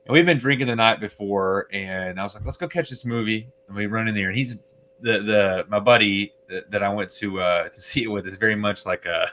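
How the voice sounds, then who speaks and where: A man's voice: on the low side, fairly even intonation, brisk, pushed and bright, slight background noise. A man co-hosting a casual movie review chat, telling a rambling story with many fillers and restarts. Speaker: podcast co-host.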